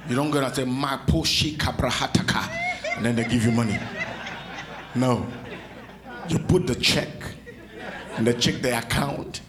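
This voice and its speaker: A man preaching a sermon in a church, calling out to the congregation and teasing them with playful asides. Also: mid-range voice. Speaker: pastor.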